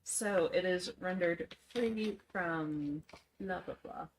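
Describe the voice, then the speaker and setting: A woman's voice: on the low side, slow, poor audio. A woman player at a tabletop game, talking casually and laughing with the group.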